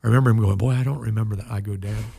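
Gravelly older man telling a story. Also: lowish voice, fairly even intonation, racing, warm tone, no echo. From United States. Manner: earnest, emotional storytelling. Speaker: pastor and guest. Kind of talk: storytelling in an interview.

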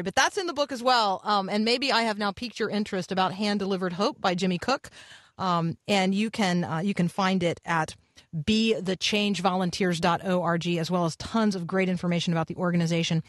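A woman's voice: medium pitch, no echo, clean studio sound. A woman hosting a radio talk show, prompting her guest and plugging his work conversationally. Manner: conversational, friendly plugs and prompts.

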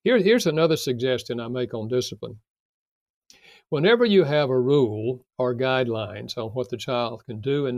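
An older man, a guest author, calmly explaining parenting advice with everyday examples in an interview. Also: medium pitch, dry recording, highs cut off. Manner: calm, measured, explains with examples.

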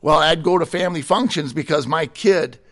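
A middle-aged man tells his story with candid, plainspoken honesty. His voice sits a little high and breaks into a short chuckle between stories. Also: normal speed, a bit bright. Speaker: guest sharing his testimony. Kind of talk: personal testimony in conversation.

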